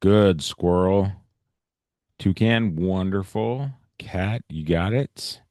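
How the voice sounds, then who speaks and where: A man's voice: low-pitched, slow pace, a little mellow, dry recording, studio quality. A male teacher giving a casual, explanatory science lecture on a video call, often checking in with "right?" and "okay?". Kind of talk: online class lecture.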